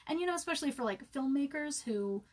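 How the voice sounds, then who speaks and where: A woman's voice: high-pitched, lively intonation, fast talker, a little mellow. A woman in her thirties, an author chatting casually and upbeat on a live stream, answering comments with lots of fillers.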